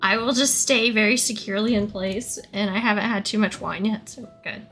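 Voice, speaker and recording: A woman's voice: mid-range voice, brisk, a bit bright, faint music behind. A young woman chatting casually on a live stream, giggling often and thanking her viewers one by one. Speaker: livestreamer.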